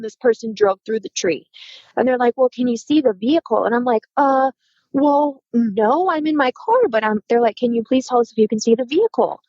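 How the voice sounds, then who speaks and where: A woman's voice: a little high, dry recording, muffled recording. A woman in her thirties telling a dramatic personal story in casual conversation, acting out the voices of the people in it. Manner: animated, acts out quoted dialogue. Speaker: podcast guest.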